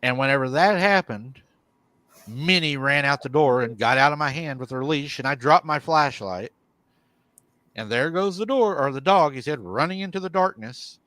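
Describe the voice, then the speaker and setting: A man's voice: a little high, expressive, moderate pace, pushed and bright, no echo. A man hosting a live show, retelling a viewer's encounter and quoting him at length. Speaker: host.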